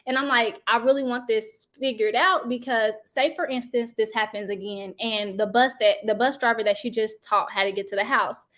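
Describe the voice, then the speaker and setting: Animated high-voiced woman telling a story. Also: moderate pace, few pauses. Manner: animated, talks straight to viewers, acts out quoted people. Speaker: host. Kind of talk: casual storytelling to viewers.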